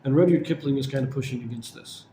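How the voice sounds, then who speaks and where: A man's voice: mid-range voice, fast, mellow, reverberant, a little hiss or hum. A man casually explaining a poem's form and meter, with frequent fillers and self-corrections. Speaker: poetry channel host. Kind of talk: casual poetry lecture.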